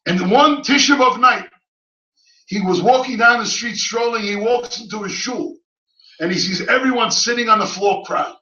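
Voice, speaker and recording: A man giving an impassioned Torah lecture at a yeshiva, speaking yeshiva English full of Hebrew terms and rising to shouted pleas. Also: high voice, normal speed. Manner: swells from quiet teaching to crying, shouted pleas. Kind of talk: impassioned sermon. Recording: echoey hall, mic at a distance, dull sound.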